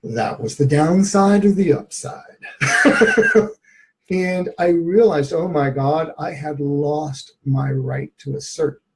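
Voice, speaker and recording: Gravelly, higher-pitched man telling his story. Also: takes it slowly, slight background noise. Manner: candid, reflective, laughs as he tells it. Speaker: therapist guest. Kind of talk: personal storytelling in an interview.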